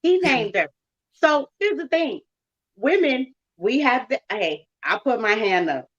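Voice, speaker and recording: A woman talking about faith and relationships in a preachy, emphatic way, with big swings in pitch. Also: sing-song, measured pace, muffled recording. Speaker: guest speaker. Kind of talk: casual preachy chat.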